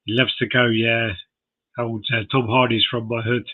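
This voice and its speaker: A man's voice: medium pitch, little pitch movement, moderate pace, phone-quality sound. An American man co-hosting a podcast in casual chat, laughing often as he reads out details. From United States. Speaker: podcast co-host.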